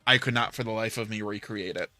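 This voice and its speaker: Bright-voiced man chatting casually. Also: on the low side, fast talker, soft background music. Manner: rambling, storytelling with filler words. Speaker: livestream host. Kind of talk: casual chat.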